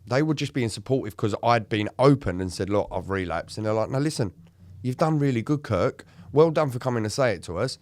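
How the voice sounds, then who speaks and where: A man's voice: medium pitch, lively intonation, fairly quick, a little mellow, no echo. A man, candidly telling a story about himself in a podcast chat, swearing and acting out what people said. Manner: emotional, swearing, acts out quoted lines. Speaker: podcast co-host in recovery.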